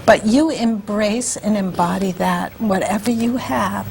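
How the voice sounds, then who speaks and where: Gentle woman interview host. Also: medium pitch, unhurried, creaky, background noise. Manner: gentle, encouraging questions and backchannels.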